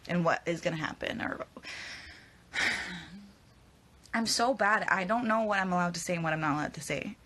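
Young woman, fan Q&A, phone mic, hesitant rambling, husky low voice. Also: normal speed, pauses often, pushed and bright. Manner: rambling and hesitant, stumbling over words. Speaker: actress answering fan questions. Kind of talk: casual live Q&A with fans. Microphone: phone at arm's length.

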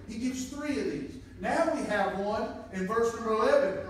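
High-voiced preacher in an echoey church. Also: male voice, normal speed, few pauses, a little hiss or hum. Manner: builds from quiet reading to loud emphatic preaching. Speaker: pastor. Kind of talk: sermon. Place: church sanctuary. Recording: echoey room from far off.

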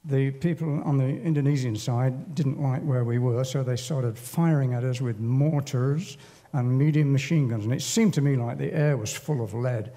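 An older man telling a personal war story at a church service in a halting, unhurried, wry way. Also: mid-range voice, warm tone. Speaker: church speaker. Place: church hall.

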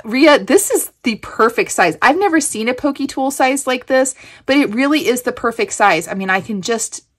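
A high-voiced crafting channel host from Kansas, USA, gushes over a gift package in a casual show-and-tell. She's expressive and effusive at a moderate pace, punctuating things with breathy exclamations.

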